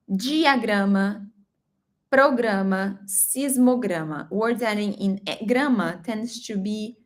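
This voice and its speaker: A woman whose first language is Brazilian Portuguese, teaching a live-streamed language lesson, repeating example words slowly and checking in with her viewers often. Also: mid-range voice.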